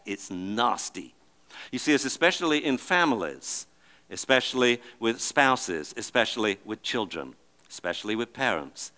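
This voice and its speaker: A middle-aged man giving a talk to an audience, telling lively stories and acting out the voices in them. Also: lowish voice. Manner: animated, acts out the voices of the people and dogs in his stories. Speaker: speaker giving a public talk.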